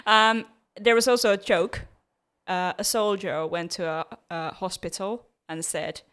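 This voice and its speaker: Slow, giggly woman co-host. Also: mid-range voice, fairly even intonation, fairly bright tone, clean tone. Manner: giggly, easygoing, drawn-out speech. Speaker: podcast co-host. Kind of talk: casual podcast chat.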